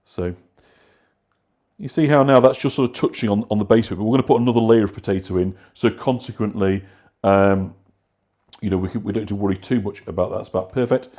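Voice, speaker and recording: A man's voice: fairly low pitch, quick pace, darkish tone. A man hosting a live cooking class, rambling casually with fillers while he cooks and answers viewers. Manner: rambling, conversational, many fillers and restarts. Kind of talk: live online cooking demonstration.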